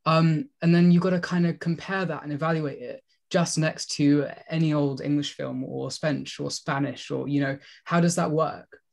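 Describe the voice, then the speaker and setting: Male questioner, gravelly, higher-pitched, hesitant. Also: steady tone, normal speed, hardly any pauses. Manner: hesitant, searching for words.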